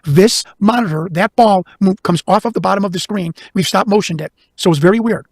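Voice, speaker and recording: A man from Chicago, a guest investigator, telling a long story in casual conversation, talking quickly with lots of restarts. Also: high voice, no echo, studio quality. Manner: fast, animated, talks over himself with restarts.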